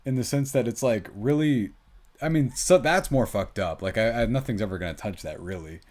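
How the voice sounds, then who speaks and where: A young man with a fairly low voice, co-hosting a laid-back film review chat. He talks in a loose, chatty way, tossing in asides and laughing easily as he goes. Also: fairly quick, a little mellow. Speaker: podcast co-host, film reviewer. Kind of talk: casual movie review chat.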